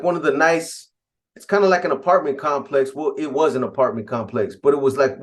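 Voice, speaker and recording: A man casually telling a first-person story in laid-back street slang, with frequent restarts and asides. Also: medium pitch. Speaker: podcast storyteller.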